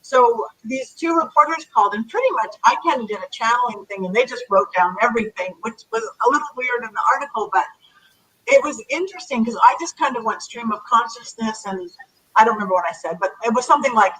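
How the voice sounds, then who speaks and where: A woman being interviewed as a psychic medium, chatting in a lively, animated way over a video call. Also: on the high side, brisk, poor audio. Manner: chatty, animated, acts out commands to spirits. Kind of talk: casual interview chat.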